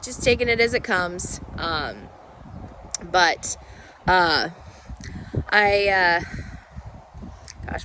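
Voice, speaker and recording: A woman with a hoarse, froggy voice from a cold, talking through her thoughts in a rambling, halting, candid way. She records an unedited personal vlog outdoors. Street and traffic noise comes through clearly behind her. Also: lowish voice, expressive. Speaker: vlogger.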